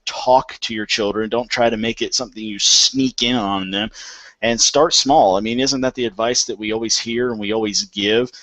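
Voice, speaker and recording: A man's voice: mid-range voice, fairly bright tone, no echo, rough recording. Folksy man hosting a homestead chat. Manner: conversational, folksy, many restarts. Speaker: homesteading panel host. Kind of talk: casual panel discussion.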